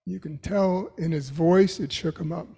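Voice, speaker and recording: Man, sermon-style talk, live audience, earnest, emphatic, gravelly. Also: fairly high pitch, moderate pace, dark tone. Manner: earnest, emphatic, repeats phrases. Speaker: speaker addressing a live audience.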